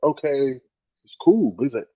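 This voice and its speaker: Casual podcast co-host, male, husky, talks in swinging storyteller bursts, slightly muffled audio. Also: medium pitch, moderate pace. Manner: animated storytelling, acting out quoted friends; swears freely, many "like" fillers.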